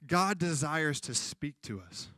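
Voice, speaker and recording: A man's voice: on the high side, big pitch swings, slow, pushed and bright, no room sound, studio quality. A man preaching a sermon as pastor in a church, talking conversationally and acting out funny exchanges. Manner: conversational preaching with comic acted-out quotes.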